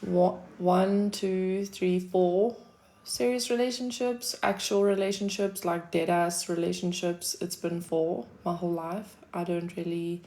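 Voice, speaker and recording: A woman's voice: on the low side, fairly even intonation, measured pace, warm tone. A South African woman chatting casually on a livestream, answering her chat with a laid-back manner, frequent laughs and casual swearing.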